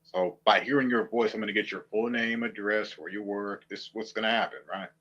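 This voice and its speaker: Streamer, male, low husky voice, mocking and combative rant. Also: fairly even intonation, brisk, a bit bright, highs cut off. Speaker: online streamer. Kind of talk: ranting commentary to viewers.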